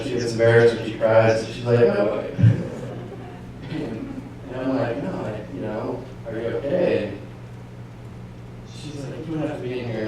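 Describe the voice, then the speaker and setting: This preacher's medium-pitched voice swings from hushed to shouting as he shares his own testimony, voicing both halves of an internal debate in storytelling fashion. He's heard from a distance in a heavily reverberant church hall over a faint hum.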